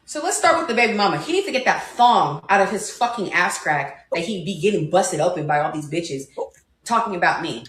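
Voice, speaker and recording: A furious woman rants defiantly, firing off one insult after another. Her voice is bright and sharp, with a lively rise and fall, and it echoes in a roomy space. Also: lowish voice, fairly quick. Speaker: mother responding in a clip. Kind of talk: angry rant clip.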